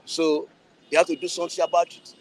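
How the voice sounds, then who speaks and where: A man's voice: on the high side, little pitch movement, a little fast, poor audio. A man with a Nigerian accent, speaking outdoors in a street interview. He talks emphatically and pleadingly, often repeating his words. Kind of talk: impassioned street opinion.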